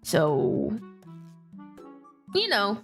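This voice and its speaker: A young woman chatting on her stream, her voice rough and gravelly as it recovers and she holds it low on purpose. She swoops all over her range, animated and quick to swear, with faint music under her. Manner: animated, swears freely, laughs often. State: recovering voice, pushing it lower. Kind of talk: casual chat.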